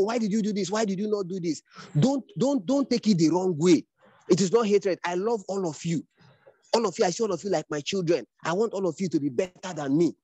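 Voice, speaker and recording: Man, middle-aged, instructor on a video call; earnest fatherly lecturing, slightly high voice, dry close sound. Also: darkish tone, husky, no room sound. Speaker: training instructor. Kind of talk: online class talk.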